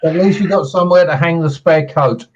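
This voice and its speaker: A man's voice: on the high side, fairly quick. A man co-hosting a livestream, dropping dry, profane wisecracks and reading out chat. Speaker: livestream co-host. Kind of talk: casual profane banter. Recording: slightly muffled with faint noise.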